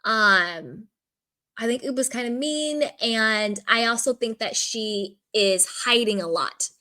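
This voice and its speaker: A woman's voice: fairly high pitch, slow pace, bright, forceful tone. A woman commenting on a reality show in casual, candid speech, peppered with "like" and frank opinions. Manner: candid, opinionated, lots of "like" fillers.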